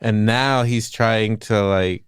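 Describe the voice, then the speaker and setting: A man's voice: on the low side, slow, smooth, dry recording, studio quality. A man co-hosting a casual movie podcast, talking in a loose, profane way and acting out the characters' lines with energy. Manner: animated, profane, acts out quotes. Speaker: podcast co-host.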